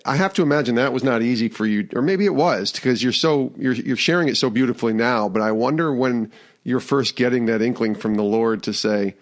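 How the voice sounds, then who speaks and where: A man hosting an interview, asking long, thoughtful questions gently and pausing to find his words. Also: medium pitch. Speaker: podcast host.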